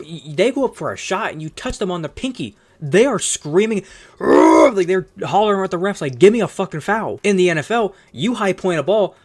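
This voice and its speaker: A man hosting a casual sports opinion video, arguing heatedly with plenty of profanity and quick self-corrections. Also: on the high side. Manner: rapid-fire, self-correcting delivery. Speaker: sports commentary host.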